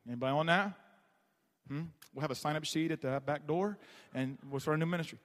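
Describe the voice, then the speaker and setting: A pastor preaching a sermon in a church, with a passionate, repetitive preaching cadence. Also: male voice, a little high, fast, a bit bright. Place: church sanctuary. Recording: long reverb of a large hall.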